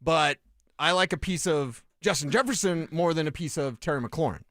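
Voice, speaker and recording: A man from Colorado co-hosting a sports talk radio show, chatty and quick to break down fantasy football numbers. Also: fairly high pitch, fairly bright tone, no room sound, studio quality.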